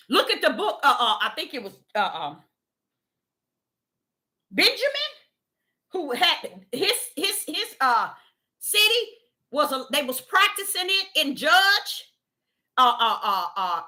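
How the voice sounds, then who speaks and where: A woman's voice: sits high, bright, forceful tone. A woman preaching a spontaneous sermon, fervent and exhorting. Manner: fervent, exhorting, retells visions in dialogue.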